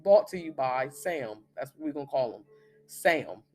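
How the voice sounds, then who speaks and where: A man's voice: fairly high pitch, lively intonation, measured pace, faint music behind. A man in his thirties, a spiritual reader, giving a blunt, profane, emphatic monologue. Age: 30s.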